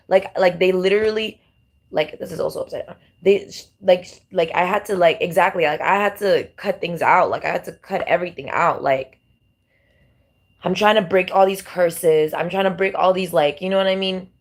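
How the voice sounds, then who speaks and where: A woman gives a casual tarot reading, circling back and repeating herself as she talks. Her voice sits slightly low for a woman. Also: steady tone, normal speed. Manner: rambling, repetitive, heavy on fillers. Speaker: tarot reader.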